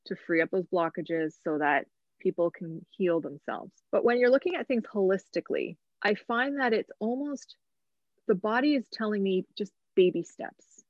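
A woman's voice: mid-range voice, lively intonation, moderate pace, no room sound, dull audio. A woman guest on a podcast, talking casually about her bodywork practice, laughing often and thinking aloud with restarts. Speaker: guest, massage therapist and medical intuitive.

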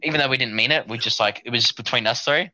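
A man's voice: mid-range voice, very fast, pushed and bright, no room sound. A young man telling a rambling, sweary story in casual chat, acting out his younger self. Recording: dull lo-fi dry sound.

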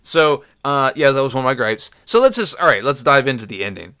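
A man's voice: medium pitch, expressive, brisk, bright, forceful tone, clear, resonant tone, no echo, clean studio sound. A man co-hosting a movie podcast, chatting casually and mostly agreeing in short replies. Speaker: podcast co-host. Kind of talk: casual movie review chat.

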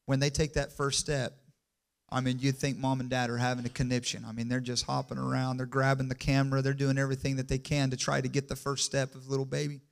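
A man preaching a sermon in church, calling for amens and building from quiet to loud and emphatic. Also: mid-range voice, monotone, quick pace, gravelly, hardly any pauses. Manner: call-and-response, asks the congregation for amens.

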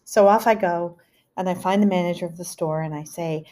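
A woman's voice: fairly low pitch, fairly quick. Chatty middle-aged woman telling a story. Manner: animated, chatty, full of asides. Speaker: podcast host. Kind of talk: storytelling monologue.

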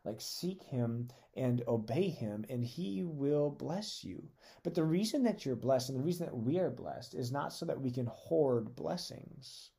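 Mellow-voiced man giving a conversational sermon. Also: medium pitch, animated, measured pace, vocal fry, few pauses, breathy edge. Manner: earnest, reads scripture aloud with emphasis. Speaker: podcast preacher.

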